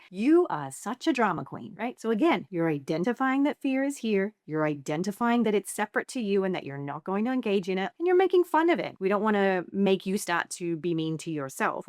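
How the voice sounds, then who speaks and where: A woman's voice: mid-range voice, animated, brisk, hardly any pauses, dry recording, studio quality. A middle-aged woman therapist giving a playful educational talk to camera, slipping into sassy voices for the replies she suggests. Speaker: anxiety therapist.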